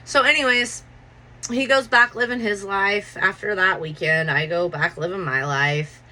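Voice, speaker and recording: Bright-voiced woman telling a profane story. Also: medium pitch, unhurried, rough recording. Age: 40s. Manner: profane, animated, acts out quotes. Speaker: podcast host. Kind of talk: casual storytelling.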